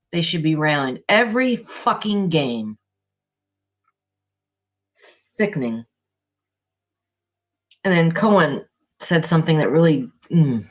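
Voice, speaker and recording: Angry, profane woman with a lowish voice. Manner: heated, exasperated and profane. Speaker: podcast co-host. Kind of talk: casual sports podcast rant.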